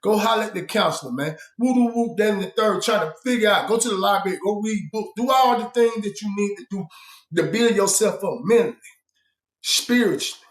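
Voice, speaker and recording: A man casually telling a story about his time in prison. His talk is blunt and profane, full of fillers, and he changes his voice to act out the people he quotes. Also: brisk. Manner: shifts pitch and loudness to act out quoted people. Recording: roomy echo.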